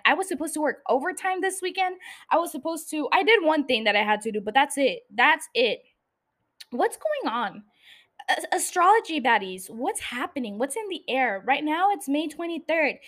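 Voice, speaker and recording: Woman podcaster, high voice, blunt and sarcastic, lots of swearing, solo mic rant. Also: sing-song, moderate pace, a bit bright. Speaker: podcast host. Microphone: studio microphone.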